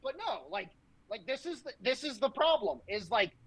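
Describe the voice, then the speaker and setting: A woman's voice: on the high side, very animated, normal speed, fairly bright tone, slightly rough, poor audio. Brief: woman, podcast co-host, raised voice, swearing and sarcastic in a political rant. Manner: profane, ranting, sarcastic.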